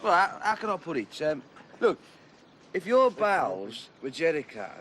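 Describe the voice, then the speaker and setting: A builder who lectures earnestly about diet in a TV comedy. His voice sits high and swings widely in pitch, with a bright edge. Faint hiss sits behind it. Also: very animated, moderate pace. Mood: earnest lecturing. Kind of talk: television comedy drama.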